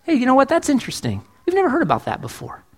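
A man's voice: very high-pitched, wildly swooping pitch, rapid-fire, darkish tone, slightly rough, voice pushed up, exaggerated voice. A man voicing a flippant listener who breezily brushes off a preacher, in a mocking, offhand tone.

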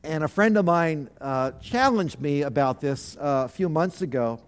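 A man's voice: fairly high pitch, expressive, moderate pace. A man, a pastor, preaching a sermon, leading his congregation to repeat phrases back, with earnest, repetitive emphasis.

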